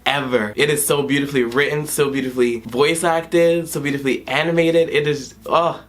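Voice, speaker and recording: A man in his twenties reviewing a video game in a vlog, tearful and emotional, halting and often trailing off mid-sentence, in a dim room at home. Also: on the high side, fairly even intonation. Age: 20s. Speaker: gaming YouTuber.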